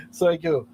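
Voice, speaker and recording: A man hosting a casual late-night livestream, telling stories and chuckling often as he talks. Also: background noise. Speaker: livestream host.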